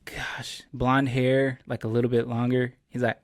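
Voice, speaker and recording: A man's voice: mid-range voice, monotone, a little slow, a little hiss or hum. A young man hosting a podcast, chatting casually and rambling as he searches for words with lots of fillers. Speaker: podcast host. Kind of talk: casual chat.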